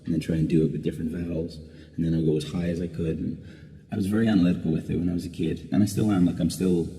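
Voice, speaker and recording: Very deep, fast-talking man with rambling answers. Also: level tone, warm tone. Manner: rambling, many restarts and "like" fillers. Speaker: singer being interviewed. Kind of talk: casual interview answers. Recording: long reverb.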